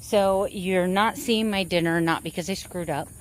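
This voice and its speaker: Chatty lower-voiced woman vlogging. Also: moderate pace, slight background noise. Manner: chatty, rambling, self-correcting. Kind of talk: casual chat.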